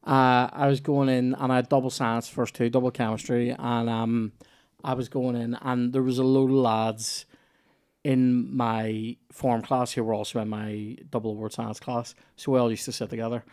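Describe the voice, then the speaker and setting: A man's voice: mid-range voice, little pitch movement, moderate pace, darkish tone. A man hosting a comedy podcast, telling rambling, sweary anecdotes full of restarts. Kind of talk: casual storytelling chat.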